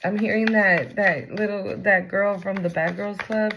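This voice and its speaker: A woman's voice: medium pitch, lively intonation, moderate pace, creaky, hardly any pauses, a bit bright, slight background noise, rough recording. A woman giving a casual tarot reading, blunt and profane, full of slang. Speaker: tarot reader.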